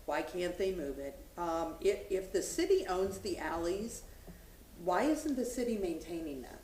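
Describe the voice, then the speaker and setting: A woman's voice: lowish voice, lively intonation, unhurried, warm tone, echoey room, a little hiss or hum, poor audio. A woman on a city board laying out her questions firmly and holding off interruptions. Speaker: board member. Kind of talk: public meeting remarks. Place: city meeting room.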